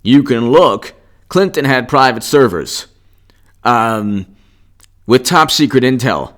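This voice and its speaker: A man's voice: medium pitch, lively intonation, slow, a bit bright. A man giving unscripted political commentary in a combative, indignant and sarcastic rant.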